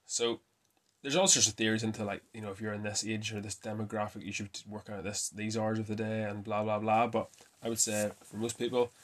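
A man hosting a casual fitness talk, chatty and quick to correct himself with a laugh. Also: on the low side, flat delivery, fairly bright tone. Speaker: fitness podcast host. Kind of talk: casual myth-busting talk.

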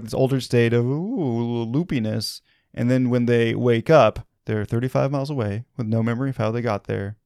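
A man telling a story on a podcast, loose and conversational, slipping in casual fillers. His pitch sits in the middle of the range, and the sound is dry, with no echo. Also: vocal fry, darkish tone, smooth. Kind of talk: conversational narration of a paranormal story.

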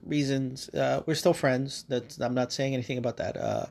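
A man's voice: mid-range voice, fairly even intonation, moderate pace, vocal fry, darkish tone. A man hosting a podcast, talking in a casual rambling monologue with lots of fillers, restarts and swearing. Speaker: podcast host.

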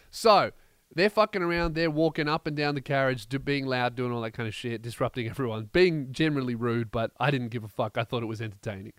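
A man hosting a podcast, telling a comedic story in a brash, profane, animated way with mocking asides. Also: medium pitch, no room sound. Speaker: podcast host.

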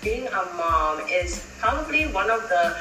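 A woman's voice: medium pitch, very animated, unhurried, bright, forceful tone, roomy sound, distant mic, faint music behind, poor audio. A woman hosting a podcast, chatting candidly about motherhood and laughing often. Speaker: podcast host. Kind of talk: casual podcast chat.

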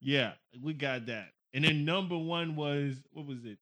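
A man's voice: fairly high pitch, unhurried, fairly bright tone. A man from Africa whose first language is French, co-hosting a casual chat and telling anecdotes by acting out other people's questions. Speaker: podcast co-host.

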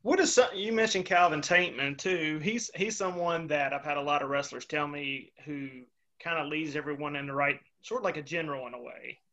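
Bright-voiced encouraging male host. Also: a little high, a little fast, few pauses, dull audio. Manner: encouraging, affirming. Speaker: interview host. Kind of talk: podcast interview.

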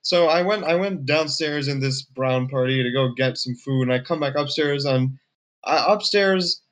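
Young man, podcast co-host, relaxed, storytelling, casual chat. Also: mid-range voice, normal speed, low-quality recording.

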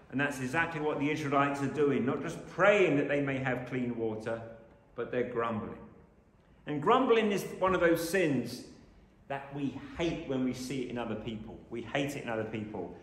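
A man preaching a sermon, dramatic, swinging from loud exclamations to hushed lines. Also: mid-range voice. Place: church. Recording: echoey church hall.

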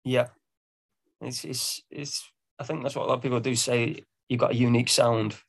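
A man's voice: mid-range voice, steady tone, moderate pace, breathy edge. A man with an English accent, a singer-songwriter guest on a podcast, who talks hesitantly with lots of ums and laughs at himself. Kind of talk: casual podcast interview.

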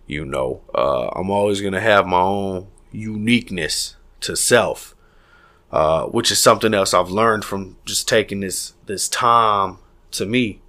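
A man's voice: low voice, a little slow, bright, forceful tone. A man hosting a solo podcast, rambling and profane, hyping himself up between stalls and tangents. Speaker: podcast host.

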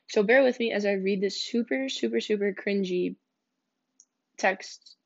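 Young woman with a gravelly vocal fry. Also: mid-range voice, measured pace. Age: young adult. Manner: candid, blunt, swears freely. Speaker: podcast host. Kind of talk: casual storytelling podcast. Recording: dull lo-fi recording.

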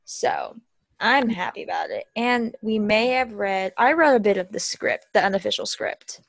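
A woman's voice: mid-range voice, lively intonation, moderate pace, gravelly, no echo. A young woman co-hosting a casual podcast chat over a video call, chatty and laughing often. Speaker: podcast co-host. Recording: crunchy video call audio.

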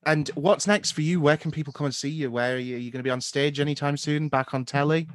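A man hosting a casual chat, asking questions and telling quick anecdotes with offhand swearing. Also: on the high side, fairly even intonation, no room sound, studio quality. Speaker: podcast host.

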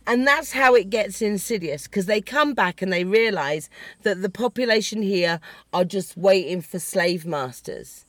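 A woman's voice: mid-range voice, no room sound. A woman delivering an impassioned, blunt and profane political rant, heated and sarcastic. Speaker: political commentator. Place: in the country she discusses.

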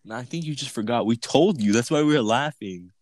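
A man co-hosting a podcast, telling stories in a quick, joking way and laughing often. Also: medium pitch, lively intonation, darkish tone, no room sound. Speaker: podcast co-host. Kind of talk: casual chat.

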